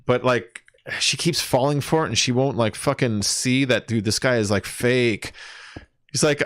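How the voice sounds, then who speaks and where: A man's voice: mid-range voice, normal speed, a bit bright, dry recording. Young man, game streamer, rambling chat, swears, dry close sound. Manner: rambling, swears, sings and counts aloud while playing. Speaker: gaming streamer. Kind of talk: casual gameplay chat.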